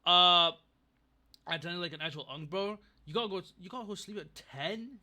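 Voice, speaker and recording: A man's voice: high voice, moderate pace, sharp tone. A young man chatting casually on a livestream, rambling, getting distracted and thanking viewers from chat. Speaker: streamer.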